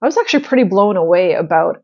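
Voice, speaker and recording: A woman's voice: mid-range voice, sing-song, fast, slightly rough. Earnest rambling woman, slightly muffled. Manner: earnest, rambling with many fillers and restarts. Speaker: spiritual channel host. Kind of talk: casual storytelling monologue.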